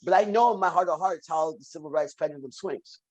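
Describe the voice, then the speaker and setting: A man with a somewhat high voice talks as a podcast guest in easy conversation. He tells stories with animation and says key phrases again and again for weight. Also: brisk, highs cut off. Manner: animated storyteller, repeats phrases for emphasis. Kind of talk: casual conversation.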